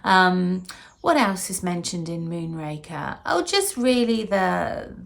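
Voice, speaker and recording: Woman, gravelly voice, casual chat to camera, rambling storyteller, home kitchen. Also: on the low side, animated, slow pace. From Wiltshire, England. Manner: chatty storytelling with fillers and asides. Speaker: singer-songwriter host.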